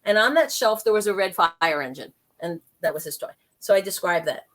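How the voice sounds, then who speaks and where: Chatty woman telling a story. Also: mid-range voice. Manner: lively, chatty, with quick asides and laughs. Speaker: guest, intuitive life coach and medium. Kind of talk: casual storytelling in an interview.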